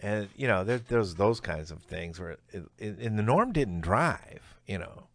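Gravelly, animated male storyteller. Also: fairly low pitch, a little slow, dry recording. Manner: animated storyteller, acts out quotes, laughs mid-sentence. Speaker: comedian guest. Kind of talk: casual storytelling interview.

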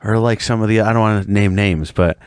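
Man, low voice, dry close sound, rambling animated storyteller, comedian guest. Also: brisk, smooth, dry recording. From Rochester, New York. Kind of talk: casual podcast chat.

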